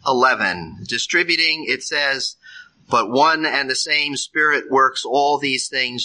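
Bright, emphatic male preacher. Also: mid-range voice, a little slow, low-quality recording. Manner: earnest, emphatic, rises sharply on key phrases. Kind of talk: sermon.

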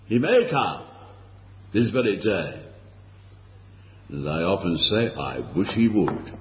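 A man's voice: on the low side, big pitch swings, slow pace, a little hiss or hum. A man preaching a sermon, earnest and pleading, asking his listeners question after question. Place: church hall. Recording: lo-fi recording in a reverberant hall.

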